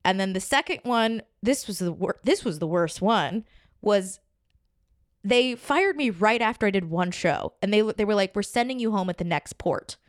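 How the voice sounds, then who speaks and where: A woman comedian chatting as a podcast guest, telling stories with quick asides and quoted voices. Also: mid-range voice, expressive, no echo, clean studio sound. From New York. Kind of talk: podcast conversation.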